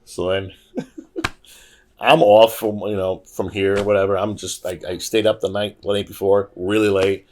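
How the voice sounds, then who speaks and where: A podcast guest with a lowish voice tells casual stories at a moderate pace, with a little hiss or hum in the recording. He's animated and acts out the voices of the people he quotes.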